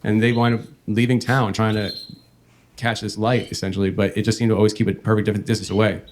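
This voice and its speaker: A man hosting a podcast, telling a long story in a meandering, halting way. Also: fairly low pitch, level tone, a little hiss or hum. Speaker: podcast host.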